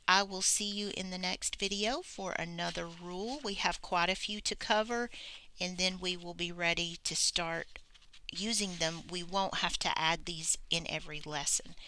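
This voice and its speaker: A woman's voice: on the low side, fairly even intonation, normal speed, bright, forceful tone, a little hiss or hum. A woman teacher giving a recorded grammar lesson, patient and explaining step by step as she works.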